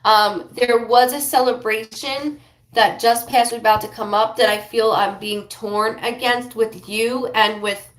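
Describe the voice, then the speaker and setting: A woman's voice: fairly high pitch, steady tone, fairly bright tone. Rambling emotional woman in an echoey room. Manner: rambling, emotional, channels speech in quick bursts. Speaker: psychic reader. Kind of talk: live psychic reading stream.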